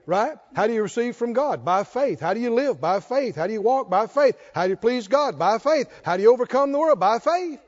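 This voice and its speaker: A man preaching a sermon as pastor, calling for responses from the congregation and rising into shouts. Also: very high voice, expressive, fairly quick, hardly any pauses, big-room sound, dull audio.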